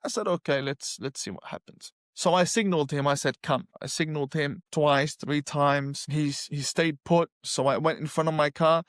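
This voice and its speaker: A man's voice: on the high side, fairly even intonation, normal speed, hardly any pauses, dry recording, studio quality. A man as an interview guest telling a personal story, acting out his own past words with feeling.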